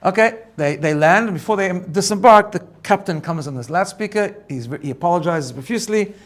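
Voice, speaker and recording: A middle-aged man, a rabbi, telling a story in a lively way and often repeating words as he builds it up. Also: high voice, a little fast. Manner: animated, repeats words when excited. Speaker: rabbi teaching personal growth. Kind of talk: storytelling talk.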